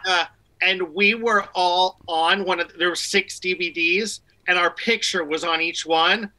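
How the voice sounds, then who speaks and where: A woman on a virtual panel over a video call, telling excited stories. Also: on the low side, normal speed, low-quality recording. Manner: excited storytelling. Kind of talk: casual virtual panel chat.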